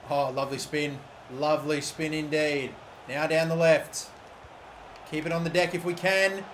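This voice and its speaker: A young man talks over his own football video game, his voice a touch high. He swings from chatty play-by-play to shouting and cursing when the match goes wrong. A faint steady noise sits under the recording. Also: moderate pace. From Australia. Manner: excitable, swears, shouts at the game. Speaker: gaming YouTuber. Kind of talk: live gameplay commentary.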